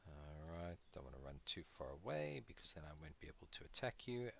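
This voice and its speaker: This man's bass voice is gravelly, very animated and fairly quick, over slight background noise. Hosting a gaming video, he keeps up a casual, self-deprecating patter and addresses the creatures he battles.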